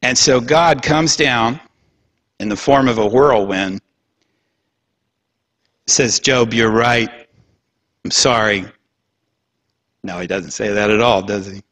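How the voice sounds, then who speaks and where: A man's voice: fairly low pitch, takes it slowly, pauses often, fairly bright tone, no room sound. A man giving a public lecture in a conversational, humorous way, with laughing asides.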